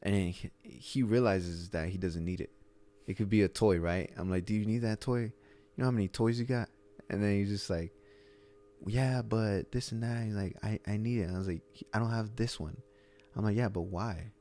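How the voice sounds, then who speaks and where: A middle-aged gym owner with a fairly low, dark-toned voice talks at normal speed in a casual podcast conversation. His storytelling rambles, with plenty of restarts.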